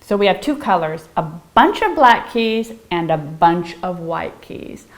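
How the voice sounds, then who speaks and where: A woman's voice: lowish voice, big pitch swings, measured pace. A middle-aged woman giving a playful piano lesson, bubbly and theatrical, chanting rhymes in a sing-song way and dropping into whispers. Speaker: piano teacher.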